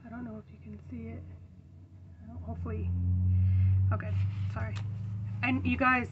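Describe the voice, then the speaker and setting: A woman's voice: on the high side, huge pitch swings, normal speed, lo-fi sound, background noise. A young woman vlogging at home about her budget, chatty with many ums, out of breath as she counts bills aloud. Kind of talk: casual budgeting talk while counting cash.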